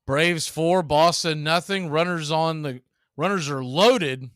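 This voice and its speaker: A man calling live baseball play-by-play, steady and measured as he calls each pitch and count, with an occasional dry quip. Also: no echo. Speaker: play-by-play announcer.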